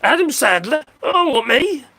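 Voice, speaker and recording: Older man, lively creaky voice. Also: extremely high pitch, unhurried. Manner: rambling, jokey, laughs often, answers viewer comments. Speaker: livestream host reading chat. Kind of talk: casual livestream chat. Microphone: phone.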